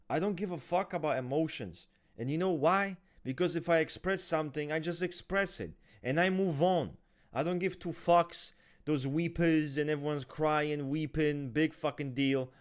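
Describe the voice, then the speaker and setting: Emphatic, cursing man in casual chat. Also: fairly high pitch. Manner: emphatic and profane, restarts often.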